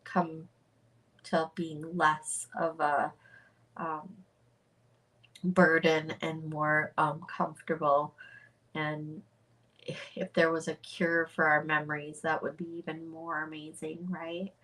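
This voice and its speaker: A woman chatting casually on a livestream about her art project, halting and full of fillers and restarts. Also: deep voice, level tone, a bit bright, distant mic. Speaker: artist livestreaming a charity project.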